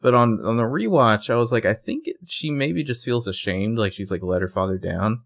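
A man's voice: medium pitch, lively intonation, brisk, gravelly. A man co-hosting a podcast, recapping a show in casual chat, swearing freely and laughing often. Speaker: podcast co-host.

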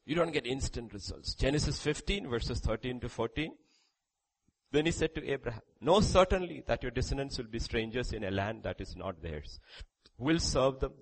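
A man preaching a sermon, reading scripture aloud, with sudden loud rises and quiet drops. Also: medium pitch, low-quality recording. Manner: reads scripture aloud with emphasis.

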